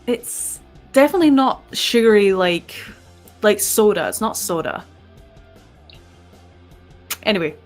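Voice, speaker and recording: A woman's voice: mid-range voice, expressive, measured pace, pauses often. A young woman co-hosting a paranormal live stream, chatting in a laid-back, teasing way full of "like". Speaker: paranormal podcast co-host. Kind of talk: casual live-stream chat. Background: faint rock music.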